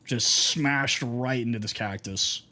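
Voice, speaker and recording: A man's voice: mid-range voice, slow pace, bright, forceful tone. A young man from Texas, a streamer chatting casually while gaming, rambling through stories with lots of fillers. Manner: rambling storyteller, heavy on fillers.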